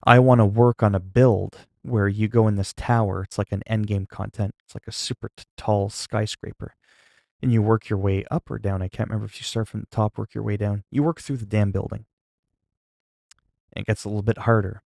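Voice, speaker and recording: A laid-back male streamer talks with his viewers in a low voice. His delivery is calm and low-key, and some listeners hear it as half asleep. The sound is close and dry, with a gravelly edge. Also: no room sound. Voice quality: sleepy-sounding, flat delivery. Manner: low-key, calm and unhurried, not hyped. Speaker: livestreamer. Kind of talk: casual live-stream chat with viewers.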